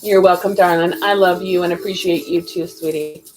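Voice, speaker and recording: A woman's voice: lowish voice, fairly even intonation, normal speed, darkish tone, a little hiss or hum, poor audio. A woman giving live-stream spiritual card readings, chatty and calling viewers darling and sweetie. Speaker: spiritual reader.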